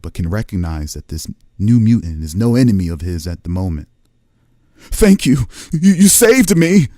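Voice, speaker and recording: Low-voiced man narrating a tabletop game. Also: a little mellow, no room sound, clean studio sound. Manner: cinematic, descriptive scene-setting. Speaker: game master.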